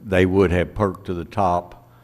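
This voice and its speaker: A very low-voiced man chairs a county meeting in a casual, joking way. His voice rings with the long reverb of a courthouse chamber. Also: level tone, unhurried, darkish tone.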